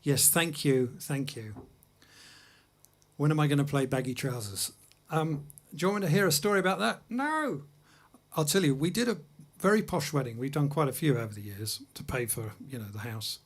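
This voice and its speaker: Brief: male host from England, mid-pitched, chatty and self-deprecating, telling anecdotes between tunes in a studio. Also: fairly quick. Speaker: host and jazz pianist-singer. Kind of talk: casual chat between songs on a livestream. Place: music studio.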